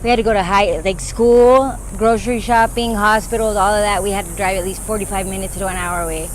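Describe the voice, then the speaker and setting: A woman's voice: mid-range voice, steady tone, a little fast, rough recording. A woman in her thirties from Arizona talks through her story in a street interview, rambling and leaning hard on "like." She is recorded outdoors on a phone, with a faint hiss of street noise behind her. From Arizona, USA. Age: 30s. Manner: rambling storytelling with many "like" fillers.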